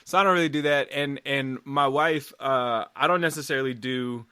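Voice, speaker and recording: Bright, rambling comedian from Nebraska. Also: male voice, mid-range voice, normal speed, smooth, no echo. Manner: animated, rambling, many fillers. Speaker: comedian guest. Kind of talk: casual podcast chat.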